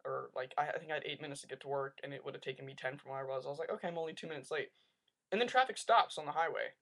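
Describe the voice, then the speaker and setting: A young man telling a rambling story to his webcam, animated and full of "like", in a casual vlog. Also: mid-range voice, rapid-fire, gravelly. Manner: rambling, animated rants with lots of "like". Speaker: vlogger.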